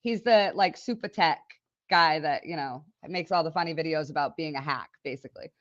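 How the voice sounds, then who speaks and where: A woman guest on a podcast telling stories in a casual, animated way, laughing often and acting out the people she quotes. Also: low-pitched, fairly quick, no echo. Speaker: podcast guest, business owner. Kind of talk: casual storytelling. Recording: dull lo-fi dry audio.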